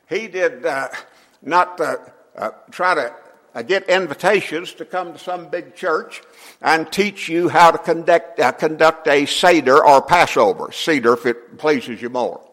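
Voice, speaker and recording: An older man preaching a sermon in a folksy way, often clearing his throat between phrases. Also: a little high, fairly bright tone. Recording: long hall reverb.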